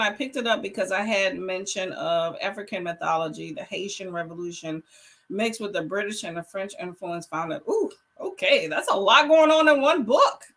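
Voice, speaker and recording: A woman's voice: fairly high pitch, fairly bright tone. A young woman hosting a casual reading livestream, greeting viewers and answering their comments in a chatty, laughing way. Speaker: livestream host.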